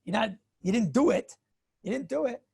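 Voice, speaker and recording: Gravelly-voiced rabbi giving a lecture. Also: male voice, very high-pitched, moderate pace, no room sound, studio quality. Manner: animated, acts out hypothetical dialogues; chuckles, frequent throat-clearing. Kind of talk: Torah lecture.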